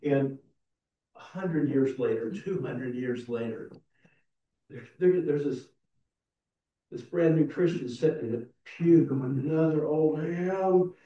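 Slow and dark-toned, with long pauses, a pastor's mid-range voice carries through a church sanctuary in a conversational, self-deprecating sermon full of restarted sentences. The sound is roomy, distant, and dull.

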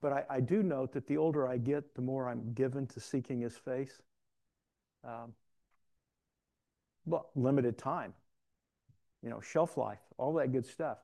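A man's voice: medium pitch, unhurried, creaky, pauses often, warm tone. A middle-aged male pastor preaching in a conversational, self-deprecating storytelling way, often restarting his sentences. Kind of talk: sermon.

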